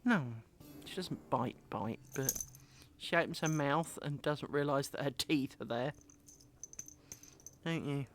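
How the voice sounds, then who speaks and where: A woman's voice: a bass voice, takes it slowly, pauses often, a little hiss or hum. A woman chatting casually on a live stream from her home, cooing at her dog near her desk microphone. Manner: coos and chats to her dog between remarks.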